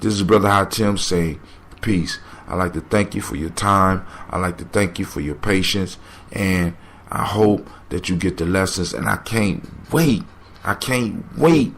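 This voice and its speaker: A man's voice: deep voice, normal speed, vocal fry, fairly bright tone. A man hosting a podcast, giving motivational commentary on a folk tale with preachy, emphatic repetition. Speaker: podcast host.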